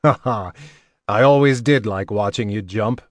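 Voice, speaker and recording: A man voicing a wry older male assassin mentor who talks in a dry, measured, instructive way. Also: medium pitch, no echo, lightly acted. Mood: amused.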